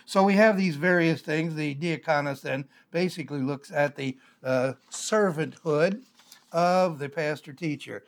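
Older male pastor teaching scripture on a live stream, measured and explanatory, pausing often on "uh". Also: fairly high pitch. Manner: measured, explanatory, with frequent "uh" fillers.

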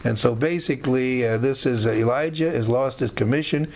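A man's voice: medium pitch, brisk, darkish tone, slight background noise. A man teaching through a Bible passage in a conversational way, with many fillers and side remarks.

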